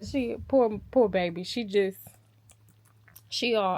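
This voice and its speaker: A woman book vlogger casually retelling a novel's plot, animated and chatty, laughing often. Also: mid-range voice, slow pace, long pauses, no room sound.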